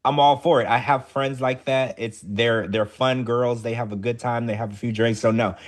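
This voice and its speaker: A man co-hosting a casual podcast recap, chatty and animated, his voice jumping up high when excited. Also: normal speed. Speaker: podcast co-host.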